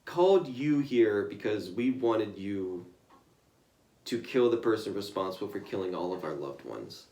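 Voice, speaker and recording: A man's voice: fairly low pitch, big pitch swings, unhurried, mellow, distant mic, pitched below the performer's own voice. A man doing a solemn older woman. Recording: echoey room.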